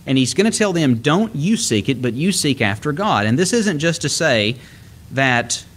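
A man's voice: medium pitch, big pitch swings, moderate pace. Earnest man preaching a sermon. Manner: earnest, explanatory, quotes scripture with rising emphasis.

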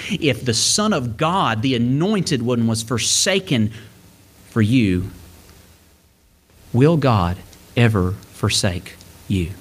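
A man preaching a sermon, reading scripture verses aloud and explaining them, his delivery rising and then dropping low for emphasis. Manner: expository preaching, reads scripture aloud, swings between lifted and hushed delivery.

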